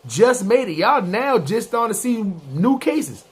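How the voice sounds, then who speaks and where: A New man with a husky, breathy voice pitched fairly high for a man. He rants to his listeners like a street preacher, animated and profane, full of slang. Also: unhurried. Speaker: podcast host. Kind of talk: comedic street-talk rant.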